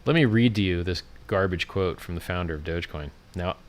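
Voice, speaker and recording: Brash low-voiced man ranting on stream. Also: fairly quick, hardly any pauses. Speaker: livestream host. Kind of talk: casual livestream commentary.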